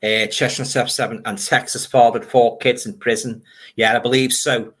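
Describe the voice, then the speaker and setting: Rambling about films and grumbling as he reads out viewer comments, an older Liverpudlian hosts a relaxed livestream. His mid-range voice stays level, moves at a moderate pace, and sounds fairly bright.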